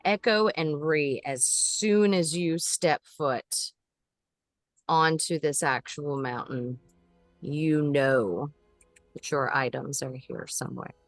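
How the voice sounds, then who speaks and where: Unhurried low-voiced woman game master. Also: no echo, faint music behind. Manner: relaxed, unhurried narration with filler ums. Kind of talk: narrating a tabletop game.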